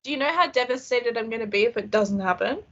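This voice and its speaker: A woman's voice: fairly high pitch, quick pace, heavy background noise. A young Australian woman with an Australian accent, chatting casually and telling stories with lots of giggles. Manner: giggly, animated storytelling. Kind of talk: casual chat over a video call. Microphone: video call. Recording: dull lo-fi video call audio.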